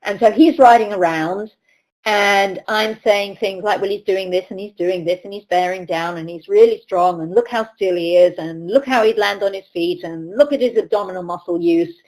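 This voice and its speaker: In a low-quality recording, a middle-aged riding coach from the UK tells anecdotes during a webinar lecture and voices the people she quotes. She has a medium pitch, a darkish tone, and a moderate pace.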